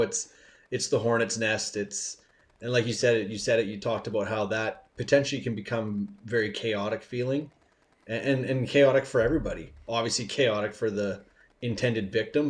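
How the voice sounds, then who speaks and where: A male co-host with a mid-range voice talks casually on a podcast. His delivery is reflective and unhurried in thought, and he repeats words as he works toward each point. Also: mid-range voice.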